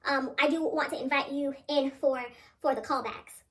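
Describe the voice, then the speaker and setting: A woman voicing a friendly theatre director calling her on the phone, bright and chatty. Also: high voice, fairly even intonation, moderate pace, pitched above the performer's own voice. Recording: echoey room, a bit far from the mic.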